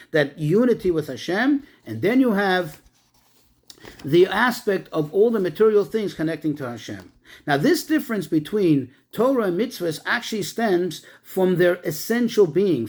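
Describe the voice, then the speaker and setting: High-voiced rabbi explaining a Torah lesson. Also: male voice, a little mellow. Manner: explains slowly, restates Hebrew terms in English, frequent restarts. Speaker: rabbi teaching a class. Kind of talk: Torah class lecture.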